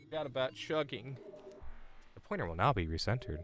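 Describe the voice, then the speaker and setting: A man live-streaming a video game, chatting with viewers in an excitable way, swearing and breaking into sudden loud outbursts. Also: medium pitch, brisk, pauses often, over music. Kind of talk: live gameplay commentary.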